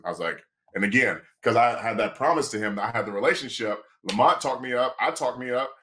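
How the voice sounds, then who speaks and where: This low-leaning male voice belongs to a sports agent and lawyer who is recounting a story on a podcast at a quick clip. He's relaxed and animated, performing the lines of dialogue he quotes.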